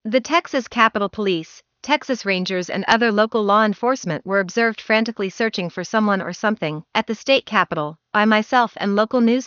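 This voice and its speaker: A woman's voice: mid-range voice, fairly bright tone, no room sound. Formal woman reporter from Canada, muffled audio. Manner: formal, wordy news delivery. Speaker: field reporter. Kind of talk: scripted news report.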